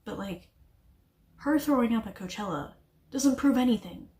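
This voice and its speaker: A young woman in her twenties telling a casual story-time vlog, chatty and animated, often laughing and slipping into mock-exasperated asides. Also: a little high, moderate pace, reverberant. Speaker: vlogger.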